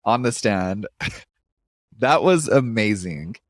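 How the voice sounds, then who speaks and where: A man's voice: fairly low pitch, lively intonation, slow pace, no room sound, clean studio sound. A man co-hosting a podcast in laid-back casual chat, laughing often. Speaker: podcast co-host.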